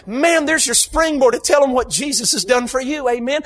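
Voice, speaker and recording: A man preaching a sermon in a church, emphatic, bursting into shouts for emphasis and slipping in humorous asides. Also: very high-pitched, big pitch swings, moderate pace, hardly any pauses. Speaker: guest preacher. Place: church sanctuary.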